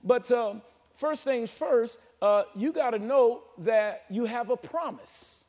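A male pastor preaching a sermon in a church, calling on the congregation to answer back and slowly drawing out scripture verses. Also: very high-pitched, darkish tone. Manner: emphatic call-and-response preaching, drawn-out scripture reading. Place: church sanctuary. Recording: long hall reverb of a church.

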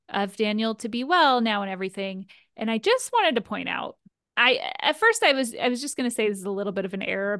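A woman's voice: medium pitch, no echo, clean studio sound. A woman co-hosting a podcast, chatting casually and animatedly as she recaps a reality show. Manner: chatty, animated, laughs often. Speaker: podcast co-host.

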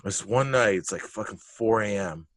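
A man's voice: on the low side, moderate pace, no room sound. A man telling a story in casual conversation, swearing freely and acting out the other people's lines. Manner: animated, profane, acts out quotes.

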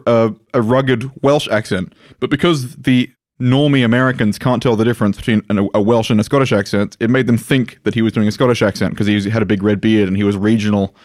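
A man's voice: medium pitch, dry recording, studio quality. A man chatting on a podcast, telling long digressive stories. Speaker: podcast co-host and tabletop player. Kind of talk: casual podcast chat.

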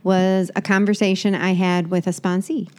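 A middle-aged woman co-hosting a podcast, calm and conversational in casual chat. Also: mid-range voice, normal speed, clean tone. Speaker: podcast co-host.

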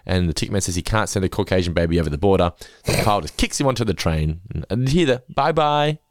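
A man with a deep, low voice, chatting casually as a podcast host. His pitch swings widely as he talks, and he laughs easily, breaking into animated impressions. The sound is close and dry, with no room in it. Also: very fast, no room sound. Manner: giggly, jumps into animated impressions when quoting. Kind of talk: casual recap chat.

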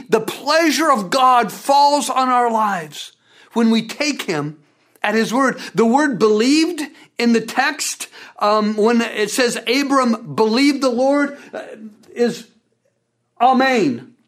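A pastor preaching a sermon in an animated way, with big swings in pitch and repeated words. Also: takes it slowly.

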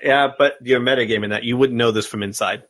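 A man's voice: mid-range voice, quick pace, dry recording. Man running a tabletop game, dry close sound. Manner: relaxed, describes scenes with many ums and uhs. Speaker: game master.

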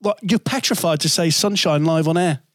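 A man's voice: a little high, normal speed, dry recording, studio quality. A man with a Hull accent hosting a casual podcast chat, candid, laughing and swearing casually. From Hull, England. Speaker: podcast host, former radio presenter.

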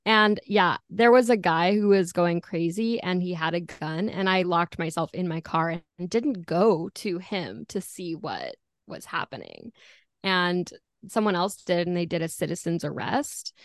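Lowish, animated woman guest. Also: unhurried, no echo, studio quality. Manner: animated, trailing restarts and laughs. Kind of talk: casual podcast chat.

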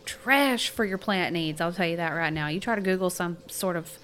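Woman, low pitch, casual co-host chat, frequent laughter, teasing. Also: normal speed, a bit bright, a little hiss or hum.

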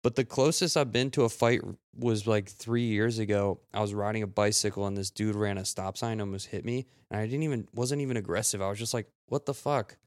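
A man's voice: fairly even intonation, quick pace, few pauses, dry recording, clean studio sound. Rambling, swearing man telling stories. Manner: rambling storyteller, swears often, jumps up in pitch when quoting. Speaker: podcast co-host. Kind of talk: casual chat.

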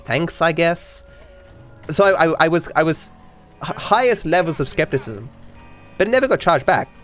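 A man's voice: a little high, very animated, fairly quick, fairly bright tone. A man with a slightly raised voice talks casually as a podcast host. He rambles, stumbles over his words and starts sentences again. He swears loosely, and faint music plays behind him. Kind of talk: casual storytelling monologue.

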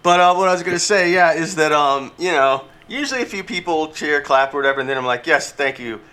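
A man's voice: a little high, expressive, quick pace, pushed and bright. A man chatting casually as a comedian, explaining his stand-up bit with fillers and asides. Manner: rambling, with fillers and self-mocking asides. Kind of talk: casual podcast chat.

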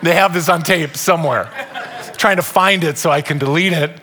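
A man in his thirties preaching a Christmas sermon to a live congregation, telling stories with loud bursts and soft asides. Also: on the high side, moderate pace. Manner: animated storytelling, shifting between loud bursts and soft asides. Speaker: pastor. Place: church hall, live congregation.

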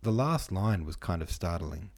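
Deep-voiced guy hosting a book podcast, chatty, lots of ums, kinda musing out loud. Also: expressive, normal speed. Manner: reads listener comments and reference passages aloud. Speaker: podcast host. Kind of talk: casual book-club podcast discussion.

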